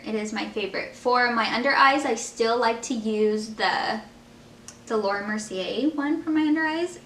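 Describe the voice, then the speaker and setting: A young woman talks in a chatty, heartfelt way while doing her makeup, peppering her talk with fillers. Her voice sits a little high. She is set back from the camera mic in an echoey room at home. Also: a bit bright, distant mic, a little hiss or hum. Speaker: beauty vlogger.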